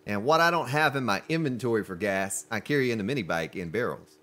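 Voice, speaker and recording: A man's voice: lowish voice, expressive, fast talker, fairly bright tone. A man chatting to viewers while he streams a survival game, joking and commenting as he plays. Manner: chatty, jokey, talks to viewers. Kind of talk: live gameplay commentary.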